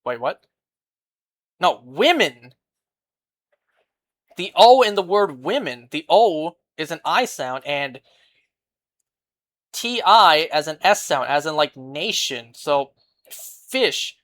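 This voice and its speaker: A streamer talks through a live gaming session in a relaxed, slow-paced way. The delivery rambles and keeps breaking into baffled, incredulous reactions to chat. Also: mid-range voice. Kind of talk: casual live-stream chat while playing.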